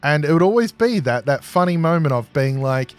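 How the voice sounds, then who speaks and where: A man's voice: on the high side, expressive, fairly quick, clear, resonant tone, soft background music. A man from Australia with an Australian accent, chatting casually and telling rambling stories to a live stream audience while he plays a game. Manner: rambling, chatty, laughs at his own stories. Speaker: gaming streamer. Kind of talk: casual storytelling while gaming.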